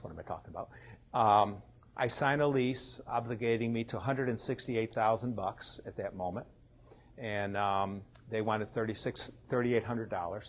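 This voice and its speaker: A man in his sixties, a company founder, telling his own story in a lively way and acting out the voices of people he met. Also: on the low side, slight background noise. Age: 60s. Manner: animated, acts out quoted dialogue. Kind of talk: personal storytelling.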